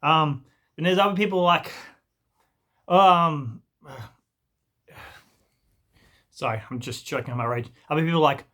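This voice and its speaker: A young man rants through a storytime vlog, rambling and swearing as his irritation spills over. His voice is bright and forceful and sits a bit high for a man. He keeps slipping into mocking impressions of the people he is complaining about. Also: a little slow, pauses often. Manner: exasperated, rambling, swears freely, mocks others in put-on voices. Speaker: vlogger. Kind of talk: ranting storytime monologue.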